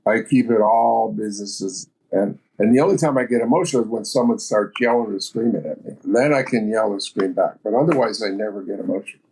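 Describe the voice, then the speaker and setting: Fairly low and darkish in tone, this man's voice moves fairly quickly with few pauses, over a faint hiss or hum. He's a business guest in his seventies on a podcast, recounting stories in a blunt, matter-of-fact way.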